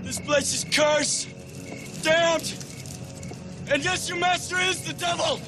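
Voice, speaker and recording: Man impersonating a desperate screaming master, very high and drawn out, music behind. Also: fairly even intonation, slow pace. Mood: frantic. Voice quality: strained high shouting. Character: frantic man freeing his workers, shouting.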